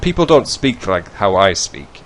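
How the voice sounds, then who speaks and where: A man from northeast England with a northern English accent speaks in a low, sing-song voice at a measured pace, sounding a bit bright. He's a vlogger casually chatting to viewers over a screen share, rambling, self-correcting mid-sentence and chuckling in asides. There's slight background noise.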